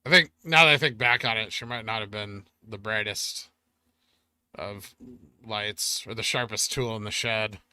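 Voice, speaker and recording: On the low side and resonant, his voice is clear with a sharp tone and a measured pace. He's a middle-aged man running a finance stream, casually reading comments and poking fun at himself in a joking manner, with no room sound.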